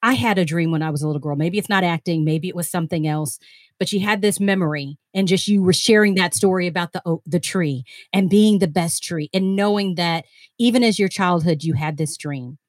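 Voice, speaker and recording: A woman hosts an interview podcast and encourages her guest with warm praise. She laughs easily and keeps a casual, conversational tone. Her voice is recorded close and dry, with no room echo. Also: on the low side, normal speed.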